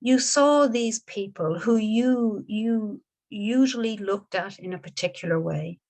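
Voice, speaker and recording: A woman voicing the Buddha as a calm, kindly male sage who soothes gently and repeats his words. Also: medium pitch, measured pace, natural voice. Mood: earnest.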